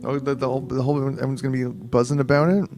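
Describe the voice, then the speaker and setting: A man's voice: mid-range voice, level tone, very fast, darkish tone, soft background music. A tired man reading a book aloud on a stream, rambling, swearing and joking at himself. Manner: rambling, swearing, self-mocking. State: tired late at night. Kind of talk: casual reading stream commentary.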